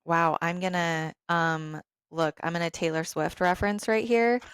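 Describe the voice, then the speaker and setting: A woman's voice: lowish voice, fairly even intonation, normal speed, fairly bright tone, smooth, no echo. A woman podcast host in empathetic conversation, reflective and thinking aloud as she asks questions.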